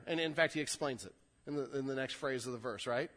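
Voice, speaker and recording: In a church sanctuary with long hall reverb, a young adult male pastor preaches an earnest sermon, often repeating words as he builds a point. His voice is mid-range, a bit bright, and fast.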